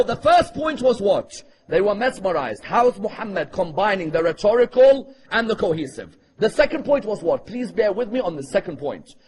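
Husky high-voiced man preaching a sermon. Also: darkish tone, rough recording. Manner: talks to a live audience with frequent rhetorical questions; recites Arabic verses in a rapid chant. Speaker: Islamic preacher.

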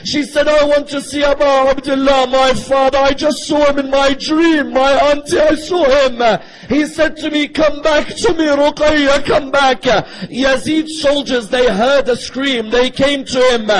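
A man's voice: extremely high pitch, flat delivery, a little slow, few pauses, rough recording. A male preacher giving an emotional religious sermon, telling a story and asking his listeners rhetorical questions.

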